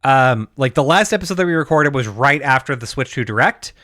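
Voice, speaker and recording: Man, bright tone, lively pitch, casual joking podcast chat, faint music behind. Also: fairly quick. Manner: lively, filler-heavy, joking. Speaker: podcast co-host.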